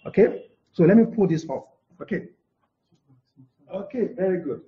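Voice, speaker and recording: This man's voice sits a little high, and he keeps a moderate pace. As a communication trainer teaching a live-streamed lesson, he keeps repeating "okay" and supplies answers to his own questions, captured on a live broadcast mic in a dull, echoey room.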